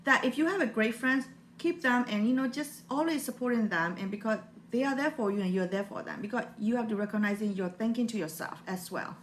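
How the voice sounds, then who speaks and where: A woman's voice: on the high side, fairly quick, hardly any pauses, a little hiss or hum. A woman in her forties from Burma with a Burmese accent, giving an earnest, heartfelt motivational talk in non-native English. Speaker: motivational vlogger.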